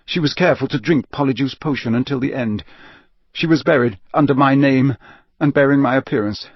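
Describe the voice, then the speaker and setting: A man voicing a young dark wizard confessing under a truth potion in a flat, monotonous, emotionless voice. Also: medium pitch, fairly quick, no room sound, dull audio, close to an everyday voice.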